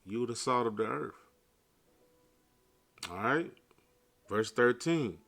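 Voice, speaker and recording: A man preaching to his online audience in a loose, conversational way. He drops into slang between passages of scripture read aloud, and his voice rises from low murmurs to loud bursts. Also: expressive, slow, creaky, pauses often. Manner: casual street talk mixed with scripture reading. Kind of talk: informal sermon to viewers.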